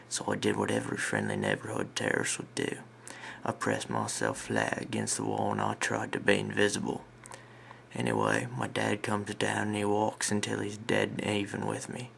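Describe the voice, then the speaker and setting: A young man telling comic stories about his parents in a deadpan, laid-back, crude way. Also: fairly low pitch, moderate pace, a little hiss or hum. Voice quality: gravelly. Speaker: comedy vlogger. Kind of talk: comedic storytelling.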